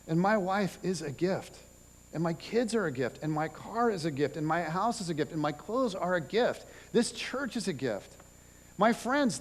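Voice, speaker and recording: Man, middle-aged, pastor, casual sermon, wry asides, long church-hall reverb. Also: sits high. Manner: casual and chatty, with many fillers and wry jokes. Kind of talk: conversational sermon. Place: church auditorium.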